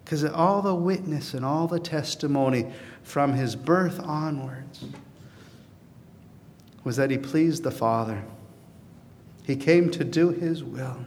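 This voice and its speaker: A man preaching a sermon as pastor, earnest, swelling to emphatic peaks and then dropping to a softer, confiding tone. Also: a little high, takes it slowly, pauses often, in a large hall, a little hiss or hum.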